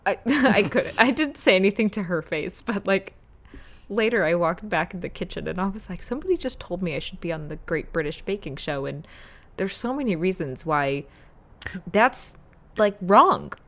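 A woman's voice: medium pitch, animated, moderate pace, fairly bright tone. A woman who bakes professionally, co-hosting a podcast and telling stories in casual chat, full of "like.". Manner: storytelling, filler-heavy "like". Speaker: professional baker, podcast co-host.

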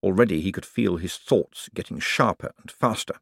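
A man narrating an audiobook in an expressive, storytelling manner. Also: sits low, moderate pace, creaky, no room sound.

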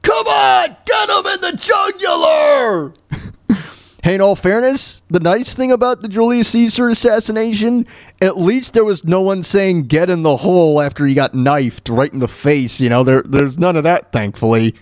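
A man's voice: sits high, moderate pace, a little mellow, no echo, studio quality. Stammering, jokey male podcast host. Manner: rambling, jokey, stammers and repeats words. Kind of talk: casual comedic commentary.

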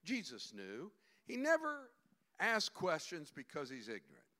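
A male pastor preaching an animated sermon, acting out the voices of figures as he goes. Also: a little high, measured pace.

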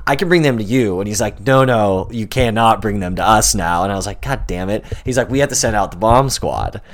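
A man in his late twenties, a podcast co-host, telling a story in a lively, profane way and acting out every character. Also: lowish voice, brisk. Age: 20s. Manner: animated storyteller, swears, acts out both sides. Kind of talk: casual podcast chat.

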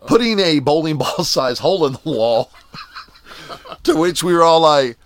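Laughing, animated man telling a story. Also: a little high, a little slow, no room sound. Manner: animated storyteller, laughs often, acts out quoted voices. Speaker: podcast co-host telling a story. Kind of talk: casual chat.

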